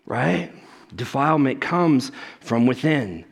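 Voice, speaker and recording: A man preaching at a church service, his voice sitting a little higher than most men's. He keeps it loose and joking, tossing in "okay?" and "right?" to check on the congregation. When he quotes someone, he acts out their voice. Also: moderate pace. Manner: conversational and joking, with frequent "okay?" and "right?" asides; animated, acting out voices when he quotes people. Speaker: pastor. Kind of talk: sermon.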